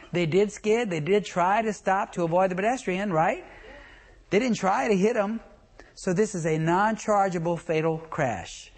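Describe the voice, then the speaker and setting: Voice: mid-range voice, breathy edge. A traffic school instructor giving a comic lecture to a class, telling stories and quizzing the room. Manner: joking, storytelling, quizzes the room.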